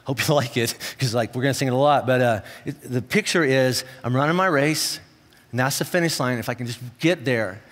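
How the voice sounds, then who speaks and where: A pastor preaching a sermon in a conversational, animated way, often restarting his sentences. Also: medium pitch, a little fast. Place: church auditorium. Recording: long reverb of a church hall.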